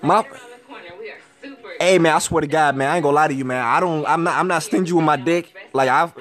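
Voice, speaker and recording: A man's voice: on the high side, a little fast, fairly bright tone, soft background music. Young man rambling on a livestream. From Minnesota. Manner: slangy, swearing, rambling, repeating himself. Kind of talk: casual livestream chat with viewers. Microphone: phone camera. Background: faint TV audio.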